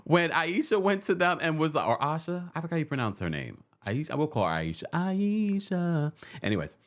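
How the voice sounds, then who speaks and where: Lively, laughing man recapping reality TV. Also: on the high side, a little fast. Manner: animated, laughs often, acts out quotes in put-on voices. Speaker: host. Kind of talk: casual reality TV recap chat.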